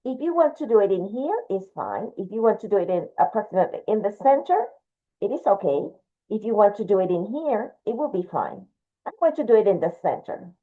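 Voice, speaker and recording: A woman's voice: mid-range voice, big pitch swings, fairly quick. Woman art teacher, walks through the drawing step by step, thin phone-like sound. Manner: patient, explains step by step, talks while drawing. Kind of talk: drawing lesson, demonstrating. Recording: tinny phone-like audio.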